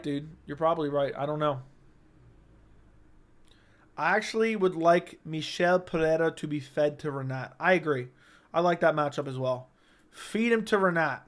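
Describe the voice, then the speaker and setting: A young man hosting a casual livestream, telling stories animatedly with frequent swearing and "right?" asides. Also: fairly high pitch. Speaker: livestream host.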